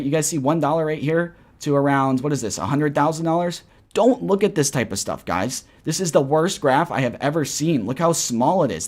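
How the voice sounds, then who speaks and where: A man giving casual, rambling chart commentary on a live stream. He keeps repeating "right?" and "guys", and his voice swings between loud and soft. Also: medium pitch. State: tired after a flight. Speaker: crypto trading streamer.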